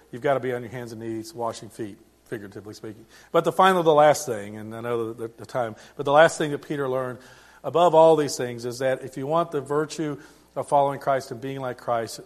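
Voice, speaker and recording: Here a middle-aged man with a mid-range voice delivers a sermon as pastor. His style is conversational, marked by frequent restarts and shifts in volume.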